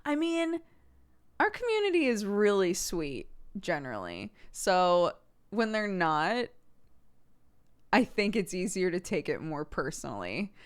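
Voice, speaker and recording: A woman's voice: fairly low pitch, wildly swooping pitch, unhurried, clean tone. An American woman streamer in a rambling, self-reflective casual chat with her viewers, laughing often.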